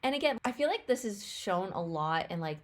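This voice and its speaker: A young woman giving casual, excitable reaction commentary on a movie teaser, gushing and full of fillers. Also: medium pitch, brisk. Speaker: YouTube reactor.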